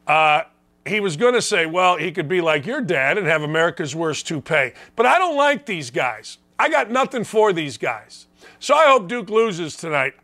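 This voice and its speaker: Guy from indiana ranting on his sports show, blunt and sarcastic, highish voice. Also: sharp tone. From Gary, Indiana, US. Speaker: sports talk host. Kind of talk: opinionated sports talk monologue.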